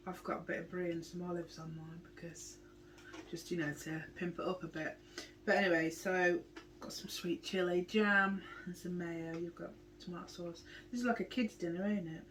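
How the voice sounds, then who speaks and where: A woman's voice: on the low side, steady tone, normal speed, a bit bright, a little hiss or hum, low-quality recording. A woman, chatting casually while cooking and eating at home. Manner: chatty, bubbly. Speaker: vlogger. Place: home kitchen.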